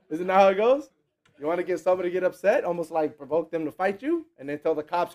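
High-voiced animated male preacher. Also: fast. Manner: animated, acts out quotes in mocking voices, laughs often. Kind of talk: sermon.

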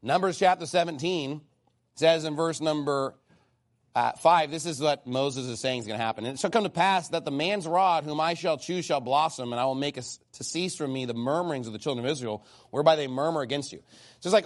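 A man who is a parent, preaching a sermon in a blunt, animated way, reading scripture and acting out God's voice. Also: on the high side, fairly quick.

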